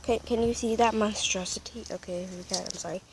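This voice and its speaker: A young woman vlogging with a cracking voice, squealy and excitable as she talks to a cat. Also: mid-range voice, brisk. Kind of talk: casual vlog chat. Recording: loud noisy background.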